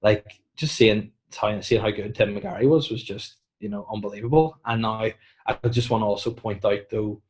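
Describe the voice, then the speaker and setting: A man with a Northern Irish accent, a comedian guest chatting casually on a podcast, acting out quotes and giving deadpan mock warnings. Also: fairly low pitch, normal speed. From Northern Ireland.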